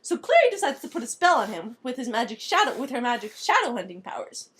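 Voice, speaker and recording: A woman's voice: fairly high pitch, big pitch swings, fast, a bit bright. A woman improvising a silly story, giggly and rambling.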